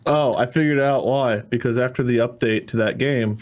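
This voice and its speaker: A man co-hosting a gaming podcast in casual chat, given to sardonic quick rants. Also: mid-range voice, fairly even intonation. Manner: sardonic, quick ranting banter. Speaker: podcast co-host.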